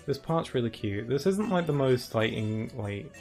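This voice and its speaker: A man with a medium-pitched, slightly mellow voice streams a game, giving loose, chatty let's-play commentary. He rambles, laughs frequently and leans heavily on "like", over faint game music.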